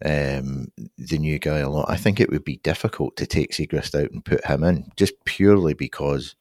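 A man's voice: a bass voice, normal speed, darkish tone, no room sound, studio quality. A man on a podcast panel, talking things through thoughtfully with frequent fillers. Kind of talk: casual podcast discussion.

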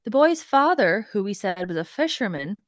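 A woman's voice: medium pitch, big pitch swings, moderate pace, no echo. Chatty woman with a dry close sound. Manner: chatty, gossipy retelling. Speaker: podcast co-host. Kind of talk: comic storytelling chat.

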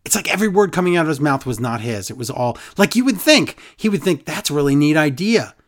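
A fast-talking podcast host with a medium-pitched voice recaps a wrestling show in casual chat. Sarcastic and animated, he acts out quotes in other voices.

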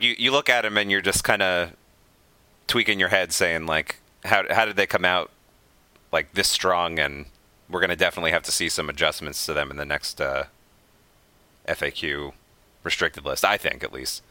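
A man's voice: sits low, normal speed, long pauses, sharp tone, dry recording. A man co-hosting a casual podcast chat, teasing the others and stammering at the start of his points. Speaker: podcast co-host.

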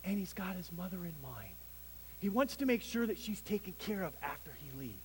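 A man delivers a sermon as pastor with a lively, somewhat high voice that swells and falls. His delivery has emphatic peaks, and it carries a long church-hall reverb over a faint hum. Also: fairly quick. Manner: preaching with emphatic swells and drops, some restarts.

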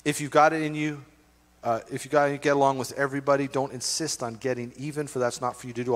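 A middle-aged man preaching as a pastor, conversational and animated, telling stories with asides to the congregation. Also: medium pitch, quick pace. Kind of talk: sermon. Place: church hall. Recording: long reverb of a church hall.

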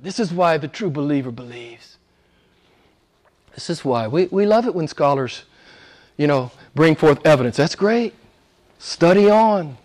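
A man preaching a sermon, swinging between loud, high exclamations and hushed, whispered passages. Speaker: pastor.

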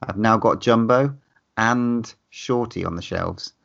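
A man's voice: fairly low pitch, takes it slowly, creaky, a bit bright, muffled recording. A man around forty co-hosting a casual podcast, swearing freely and gushing about horror film news. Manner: swears freely, laughs often, enthusiastic. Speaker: podcast co-host.

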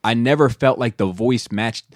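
A man's voice: mid-range voice, normal speed, no room sound, studio quality. A man in his thirties co-hosting a casual chat, telling rambling stories and swearing freely. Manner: animated storyteller, swears freely. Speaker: podcast co-host.

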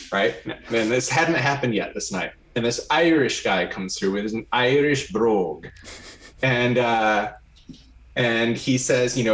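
A man telling a personal story during a conversation, animated and often checking in with "right?". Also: mid-range voice. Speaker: guest. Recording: roomy echo.

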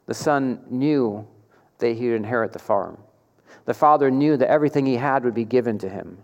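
A man preaching a sermon, asking the congregation rhetorical questions and pressing his points with animated emphasis. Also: medium pitch, a little fast, lo-fi sound. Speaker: pastor. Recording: long hall reverb.

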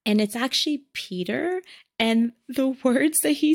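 A woman's voice: sits high, measured pace, dry recording, studio quality. A woman co-hosting a casual chat that recaps a movie. She talks in a chatty way, leans on "like" and laughs often. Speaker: podcast co-host.

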